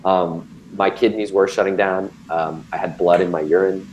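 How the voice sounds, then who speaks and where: This guest, a man in his thirties, shares a personal health scare in a candid, conversational way, with frequent ums and restarts. His low, darkish voice holds a steady tone at normal speed. The recording has its highs cut off and a little hiss or hum.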